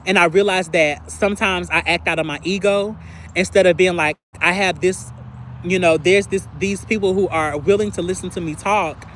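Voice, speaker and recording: A young man talking candidly on a livestream, confiding and expressive, acting out bits of phone conversations and often clearing his throat. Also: sits high, normal speed, a little hiss or hum. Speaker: livestream host. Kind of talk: candid personal livestream chat.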